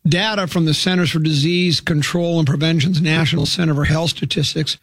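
A male radio host reads health stories on air and keeps breaking in with wisecracks. His voice sits a bit high and has a gravelly fry. The sound is close and dry. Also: steady tone, fairly quick, dry recording. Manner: wisecracking, reads news items aloud with asides. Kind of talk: jokey morning show banter.

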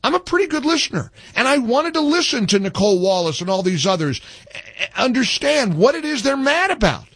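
Male commentary host, high husky voice, lively and sarcastic, indignant monologue. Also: fairly quick, no echo. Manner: sarcastic and indignant, with animated rising emphasis.

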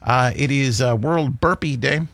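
A man's voice: mid-range voice, a little slow, vocal fry, a bit bright, no echo, studio quality. A man hosting a radio show, chatting casually in a jokey, rambling way. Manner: jokey, rambling, acts out quotes. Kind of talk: casual morning show chat.

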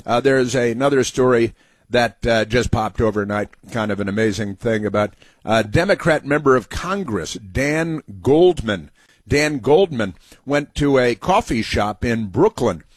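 A man's voice: medium pitch, expressive, unhurried, no echo. A man hosting a political talk show, rambling and sarcastic, with many fillers and asides. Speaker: radio talk host.

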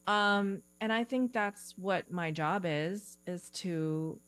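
A woman career coach answering interview questions in a thoughtful way, speaking in quick bursts with lots of fillers. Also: medium pitch, fairly bright tone, dry recording. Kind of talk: podcast interview guest. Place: Eugene, Oregon.

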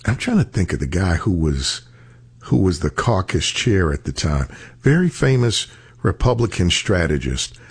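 Husky, animated man telling a story. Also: deep voice, normal speed. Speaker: radio talk show host. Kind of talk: casual storytelling on talk radio.

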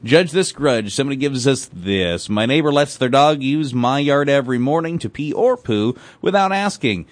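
A man's voice: medium pitch, expressive, moderate pace, few pauses, no room sound. A man hosting a morning radio show, joking around and reading listener messages aloud in casual banter.

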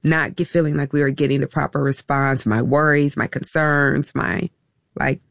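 A woman, a mother being interviewed, telling a personal story in a halting, reflective way with many pauses and restarts. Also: sits low, fairly even intonation, creaky, no echo, clean studio sound.

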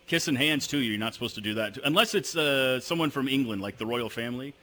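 A man's voice: mid-range voice, a little fast, bright, forceful tone. A man hosting a sports radio show live from a restaurant, joking and teasing in casual banter. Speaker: radio host. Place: live broadcast at a restaurant event.

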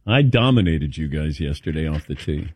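A man's voice: rumbling low, normal speed, husky, no echo. A middle-aged man hosting a radio show, telling stories casually and acting out what others said. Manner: animated anecdotes, quotes others in voices. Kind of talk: casual storytelling chat.

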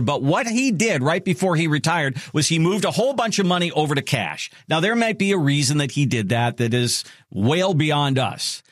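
Male radio host, lively pitch swings, dry close sound, punchy plug delivery. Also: no echo. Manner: animated, punchy, leaning hard on repeated slogans. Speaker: financial radio show host. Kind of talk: radio show talk with promotional plugs.

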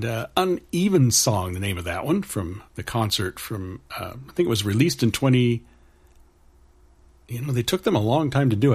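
Husky, lively radio host man. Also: mid-range voice. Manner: relaxed, chatty, wry asides. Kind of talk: casual radio back-announcing.

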